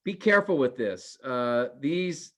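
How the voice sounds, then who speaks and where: A man teaches an informal class, speaking in a relaxed, conversational way full of fillers and restarts, with an earnest, cautionary tone. His voice is mid-range and a little slow.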